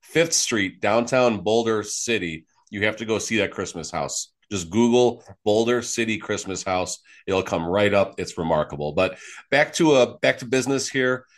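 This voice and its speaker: A man's voice: fairly low pitch, moderate pace. A man co-hosting a sports podcast in casual chat, rambling with many fillers and restarts. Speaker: podcast co-host.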